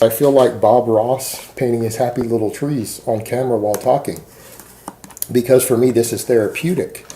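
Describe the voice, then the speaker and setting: Man, dark mellow voice, middle pitch, rambling vlog monologue, defensive, sarcastic. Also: fairly even intonation, normal speed, slight background noise. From Texas. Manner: defensive and sarcastic, with many fillers. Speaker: fitness YouTuber.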